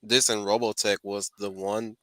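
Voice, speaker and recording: A man's voice: fairly low pitch, level tone, normal speed, fairly bright tone, no echo. A man in his thirties, a guest on a casual chat show, talking in an eager, enthusiastic way.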